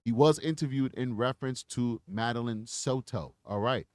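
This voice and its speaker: A man hosting a true-crime livestream, talking to his chat in an animated, mocking way. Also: mid-range voice, normal speed, no room sound. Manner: animated, mocking, chats with viewers. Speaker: livestream host.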